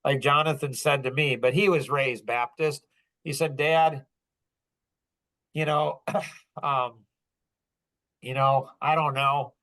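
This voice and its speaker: Animated bright-voiced man telling a story. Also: medium pitch, slow, pauses often, poor audio. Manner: animated, laughs often, acts out quoted dialogue. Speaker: podcast host. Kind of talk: casual storytelling talk.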